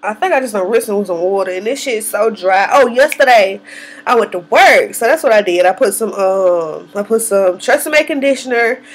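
A woman's voice: medium pitch, animated, fairly quick. A young woman chatting casually to camera in a vlog, swearing freely and laughing often. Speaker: hair vlogger.

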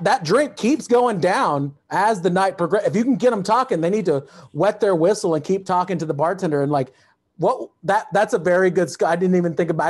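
A man's voice: high-pitched, darkish tone, husky. A man hosting a podcast over a video call, asking rambling, amused questions. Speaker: podcast host. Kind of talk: casual interview.

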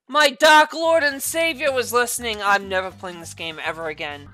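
A woman's voice: fairly high pitch, moderate pace, few pauses, bright, forceful tone, faint music behind. Foul-mouthed woman raging at a game. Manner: swears constantly, swings from mutters to screaming outbursts. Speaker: gaming channel host. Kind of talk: ranting gameplay commentary.

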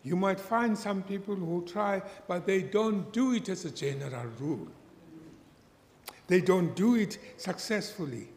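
Slow-preaching man in an echoey church. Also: sits high, expressive, a little mellow. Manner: slow, deliberate delivery, acting out a story's characters. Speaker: pastor. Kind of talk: sermon with storytelling. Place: church hall. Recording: echoey church hall with long reverb.

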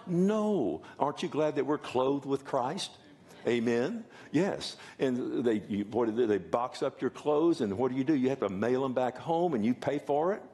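A man's voice: mid-range voice, normal speed, a little mellow. An older man preaching a sermon, folksy, with joking asides and many rhetorical questions. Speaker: pastor.

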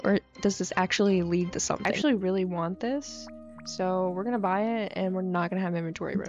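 A young woman giving excitable, slang-heavy commentary on a game update, holding a handheld mic that peaks. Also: medium pitch. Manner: excitable, chatty, full of slang and fillers. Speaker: gaming YouTuber. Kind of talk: casual gameplay commentary. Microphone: handheld mic, peaking and overdriven. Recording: dull lo-fi mic with faint music.

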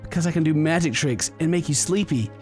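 A man's voice: a little high, fast talker, darkish tone, faint music behind, natural voice. A man putting on a sly creepy little girl. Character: creepy little girl patient offering sleeping pills.

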